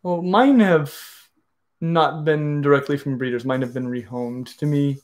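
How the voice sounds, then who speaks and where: A middle-aged man explains reptile biology to viewers in a casual Q&A, enthusiastic and full of restarts. His voice sits a little high for a man. He sounds like an educator thinking out loud. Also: unhurried. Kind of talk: casual livestream Q&A.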